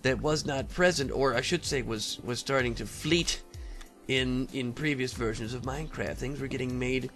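A man's voice: medium pitch, moderate pace, a bit bright, soft background music. A man giving casual, rambling commentary over his own gameplay, talking to the monsters and often laughing. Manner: rambling, talks to mobs, frequent laughs and throat clearing. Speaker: Let's Play gamer.

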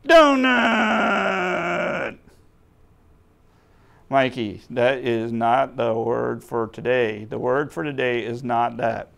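Gravelly man coaxing a puppet for kids. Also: medium pitch, little pitch movement, measured pace, hardly any pauses. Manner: patient, coaxing, talks to a puppet. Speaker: children's church leader. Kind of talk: puppet skit for children.

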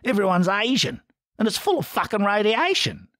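A man's voice: sits high, sing-song, moderate pace, fairly bright tone, no room sound, clean studio sound, voice pushed up. A man with a broad Australian accent voicing a pint-sized, foul-mouthed bogan who talks crude and blunt. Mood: indignant.

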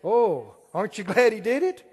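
A man's voice: very high voice, big pitch swings, measured pace, a little mellow, in a large hall. A male pastor preaching a sermon, emphatic, asking his listeners questions and drawing out key words.

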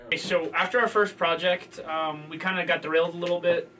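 Fast bright-voiced teenage boy. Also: a little high, flat delivery. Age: late teens. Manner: hesitant, many uh and um fillers. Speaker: high school broadcasting student. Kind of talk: casual interview. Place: school classroom.

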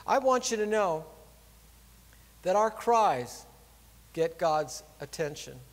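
A middle-aged pastor preaching a conversational, earnest sermon in a church. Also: male voice, high voice, expressive, slow pace, in a large hall. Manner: earnest, conversational, drops soft when pleading.

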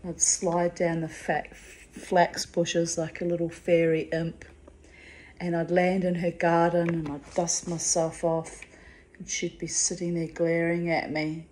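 A woman's voice: fairly low pitch, completely flat delivery, slow, a little mellow, a little hiss or hum. A middle-aged woman speaking in a personal vlog monologue, bitter and confiding, with blunt swearing. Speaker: vlogger.

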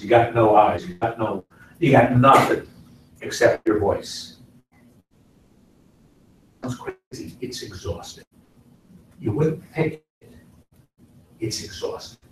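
A middle-aged man, an actor giving a casual lecture to a class, talking in an animated way and swinging between loud and soft to make his points. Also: mid-range voice, measured pace, pauses often, slight background noise. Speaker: guest actor speaking to a class. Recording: very echoey room, from far off.

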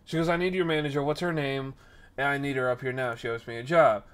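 A man's voice: medium pitch, brisk, clean tone. A young man hosting a casual stream podcast, telling a story and acting out the people in it. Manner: animated, acts out quoted people.

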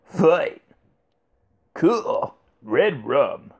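A man's voice: a little high, expressive, takes it slowly, a little mellow. A young man casually commentating a mobile game, swearing a lot and laughing in disbelief. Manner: profane, giggly, incredulous. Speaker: gameplay commentator. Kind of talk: casual let's-play commentary.

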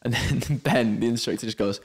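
A man's voice: mid-range voice, fairly quick, breathy edge. A man co-hosting a podcast, telling a story in a rambling way with many restarts. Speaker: podcast co-host, pilot. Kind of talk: casual chat. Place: indoors at a venue.

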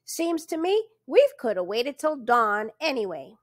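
A woman's voice: high-pitched, big pitch swings, a little slow, no echo, studio quality, heavily acted. A woman voicing a chatty, suspicious rural male constable with a folksy drawl. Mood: folksy grumbling.

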